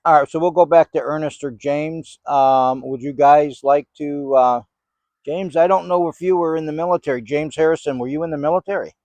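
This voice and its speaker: An older man investigating the paranormal, outdoors in a rainy cemetery, calling out slow, patient questions to spirits. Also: on the high side, a little mellow, no room sound.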